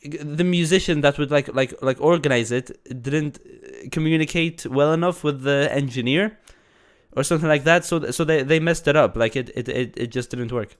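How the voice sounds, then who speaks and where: A man's voice: a little high, normal speed, clean tone. Congested, rambling streamer guy. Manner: rambling, many restarts and laughs. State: a bit congested from a cold. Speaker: streamer reacting to videos. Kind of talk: casual live-stream commentary.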